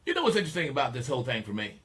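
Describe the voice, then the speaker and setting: A man's voice: wildly swooping pitch, rapid-fire, a crowd in the background. An older man from Mississippi, hosting a talk radio show in an emphatic, preachy monologue. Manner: emphatic, preachy, swings between low asides and loud declarations.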